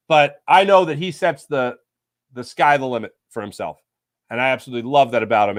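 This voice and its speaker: A man's voice: mid-range voice, fairly bright tone, dry recording, clean studio sound. A man hosting a casual sports talk stream, reading viewer comments aloud and reacting in a rambling, jokey, self-correcting way. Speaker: sports talk show host.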